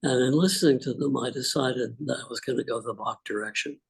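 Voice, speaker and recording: Older man, gravelly, husky, rambling anecdotes, video call. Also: mid-range voice, a little fast, rough recording. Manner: relaxed, rambling anecdotes with many fillers. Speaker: call participant. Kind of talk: casual storytelling on a group call.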